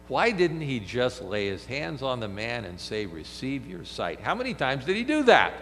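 Lively preacher in an echoing hall. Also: male voice, medium pitch, moderate pace. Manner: animated, fires off rhetorical questions, acts out quoted speech. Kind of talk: sermon. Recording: long hall reverb with mains hum.

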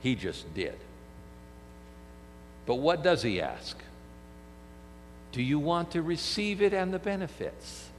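Lively preacher in an echoing hall. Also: male voice, a little high, takes it slowly, long pauses. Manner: animated, fires off rhetorical questions, acts out quoted speech. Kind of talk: sermon. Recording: long hall reverb with mains hum.

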